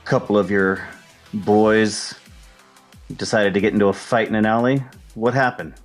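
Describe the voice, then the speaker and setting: A man voicing a calm detective who asks measured, probing questions. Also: on the low side, faint music behind, close to an everyday voice. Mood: earnest. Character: calm, steady male detective.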